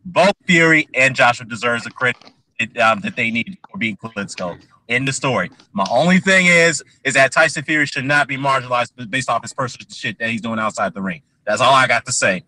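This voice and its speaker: A man's voice: medium pitch, lively intonation, fairly quick, bright, forceful tone. A man hosting a heated panel argument, insistent and repeating himself.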